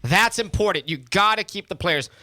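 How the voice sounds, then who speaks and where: A man hosting a sports talk radio show, playful and chatty. His voice sits a bit high and rings bright. The studio sound is dry and close. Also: animated, moderate pace, dry recording. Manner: chatty, playful, leads the discussion. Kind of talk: casual sports radio chat. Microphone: studio mic.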